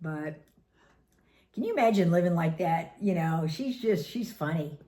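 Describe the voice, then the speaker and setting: Low-voiced chatty middle-aged woman. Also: expressive, unhurried, mellow. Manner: chatty, laughs often while telling stories. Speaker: family caregiver. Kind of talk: casual storytelling vlog.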